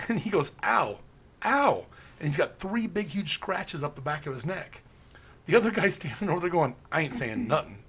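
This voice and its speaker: A man with a slightly higher voice recounts a ghost hunt in casual, animated storytelling. He acts out the quotes and laughs as he goes. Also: fairly quick, slightly rough. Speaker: paranormal investigator.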